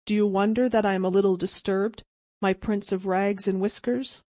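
A woman's voice: mid-range voice, steady tone, moderate pace, warm tone, dry recording, lightly acted. A woman voicing a bitter, heartbroken young man in a dry audiobook reading. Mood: hopeless. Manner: wry, mocking deference turning hopeless.

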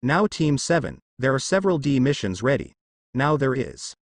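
A man's voice: mid-range voice, sing-song, normal speed, no echo, studio quality. A man reading the lines of an aging village leader in a fan story, formal and a little weary.

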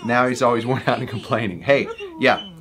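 A man with a medium-pitched voice hosts a reaction video, speaking briskly as he jokes about animal clips and laughs often. Music plays in the background along with the sound of a crowd.

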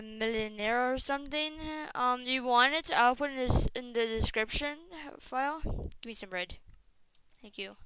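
Excitable woman yelling over a game. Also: fairly high pitch, smooth, dry recording. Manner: excitable, bursts into frustrated shouting; talks straight to viewers as "guys". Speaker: gaming commentator. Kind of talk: casual game commentary.

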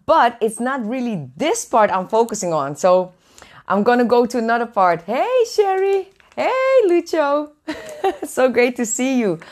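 Excitable woman preacher on a live stream. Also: normal speed. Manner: warm, excitable, greets viewers by name with high squeals. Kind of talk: lively live-stream Bible teaching. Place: away from home, indoors.

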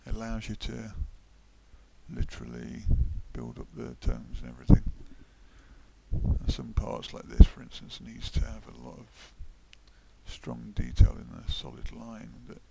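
A man with a Midlands accent from the UK, talking through a digital painting as he works, relaxed and thinking aloud, often dropping to a mutter. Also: on the low side, a little slow, gravelly, a little hiss or hum. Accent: English Midlands. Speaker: digital artist. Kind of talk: casual painting tutorial voice-over.

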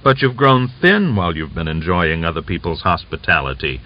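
A man doing a smug cossack rebel boss, coaxing and boastful, a bit higher than his own low voice, dull old recording. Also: big pitch swings, moderate pace. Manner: boastful, coaxing, smugly confident. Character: scheming bluff male rebel Cossack leader.

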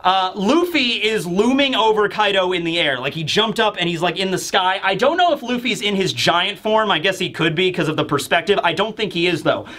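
A man giving a casual, chatty recap of a manga chapter, with animated asides. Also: high voice, a little fast, hardly any pauses. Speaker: manga review YouTuber. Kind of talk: casual commentary.

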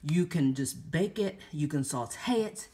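Breathless, chatty woman with a low voice. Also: lively intonation, takes it slowly, dark tone, slight background noise. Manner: chatty, exclaims and laughs at her own finds. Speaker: vlogger showing a grocery haul. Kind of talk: casual chat to camera.

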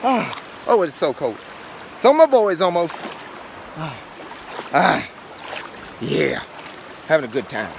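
A man vlogging casually outdoors by a creek, excited and playful, talking into a handheld camera. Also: on the high side, slow pace, gravelly, pauses often, noisy background. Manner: excited, playful, sing-song. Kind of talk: casual trail vlog chat.

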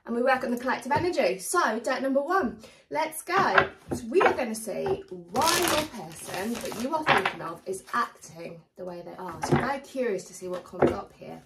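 A woman tarot reader chatting casually to her viewers, a little hoarse as she starts losing her voice. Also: a little high, a little fast, few pauses, recorded from a distance, heavy background noise. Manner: chatty, animated, warmly addresses viewers. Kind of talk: casual tarot reading to camera.

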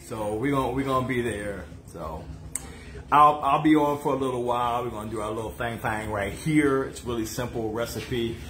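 A man's voice: mid-range voice, a bit bright, a little hiss or hum. A man hosting a casual cooking livestream from his home kitchen, joking and chatting with viewers. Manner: joking, chatty, playful, drawn-out asides to viewers. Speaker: cooking show host. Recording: echoey kitchen with music behind.

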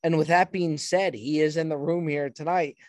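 A man's voice: on the high side, fairly even intonation, normal speed, darkish tone, no room sound. Emphatic male podcast host, dry sound. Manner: emphatic, talks over others, repeats himself. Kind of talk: casual podcast banter.

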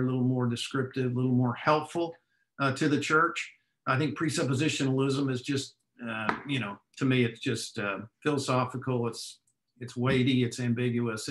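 A man with a Texas accent speaks in a bright tone, reasoning aloud and restarting phrases as he goes. His voice rings in an echoey room. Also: medium pitch. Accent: Texan. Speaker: guest, professor. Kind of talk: conversational interview.

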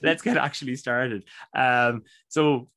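A man's voice: medium pitch, takes it slowly, sharp tone. An Irish man hosting a podcast interview, chatty and laughing often. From Ireland. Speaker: podcast host. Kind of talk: casual interview chat.

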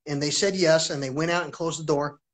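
A man's voice: on the high side, steady tone, brisk. A man hosting a live stream, telling a long story in an agitated, profane ramble and repeating himself.

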